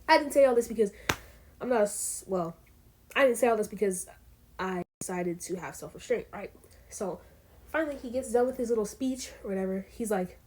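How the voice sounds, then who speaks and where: A woman's voice: medium pitch, fairly quick, darkish tone, slight background noise. A teenage girl casually telling a rambling story in a vlog, using lots of fillers and asides. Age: teens. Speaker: vlogger.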